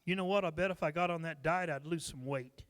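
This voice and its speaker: A man's voice: a little high, brisk, a bit bright. A man with a Midwestern American accent, a pastor teaching a Bible study, reading scripture aloud and explaining it with humorous asides. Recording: reverberant church sanctuary.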